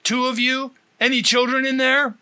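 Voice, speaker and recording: A man's voice: very high voice, unhurried, vocal fry, pushed and bright, heavily acted. A man voicing a frightened police officer who calls people to safety during a storm, urgent and pleading.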